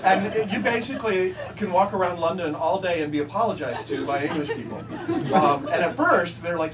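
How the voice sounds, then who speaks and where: A man giving a comic talk at a book signing, telling deadpan anecdotes and jumping into high voices to mimic what others say. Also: moderate pace. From United States. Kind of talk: comic talk to a live audience. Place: bookstore event space, mixed with audience. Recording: distant mic, loud crowd and room noise. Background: audience laughter.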